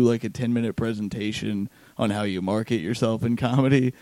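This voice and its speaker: Relaxed male comic host, tired, easygoing, mellow and dry. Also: medium pitch, quick pace, creaky, few pauses, no room sound. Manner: laid-back, laughs often, swears. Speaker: stand-up comedian, podcast host. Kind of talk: casual chat.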